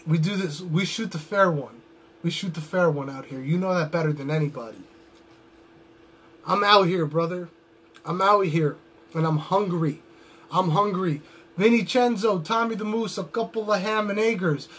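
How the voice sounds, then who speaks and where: Young adult male wrestler, high voice, brash trash-talking promo delivery. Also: normal speed, fairly bright tone, a little hiss or hum. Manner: boastful, trash-talking swagger.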